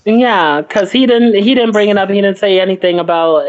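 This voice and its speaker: A woman's voice: mid-range voice, normal speed, a little mellow. A woman co-hosting a podcast, chatting casually about a TV episode and rambling through her notes with lots of fillers. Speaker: podcast co-host. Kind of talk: casual TV recap chat. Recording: muffled lo-fi audio.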